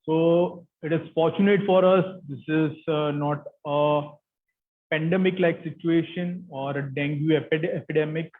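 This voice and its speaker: A man with an Indian English accent gives an academic lecture as a guest speaker, explaining steadily with frequent fillers. His voice is a little high, with a steady tone and measured pace, over a tinny, phone-like line.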